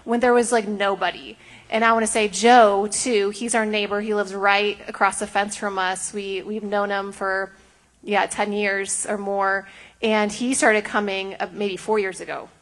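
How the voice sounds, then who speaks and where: A woman's voice: mid-range voice, level tone, measured pace. Woman, middle-aged, house of prayer leader, earnest, rambling testimony, many fillers. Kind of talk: testimony sharing.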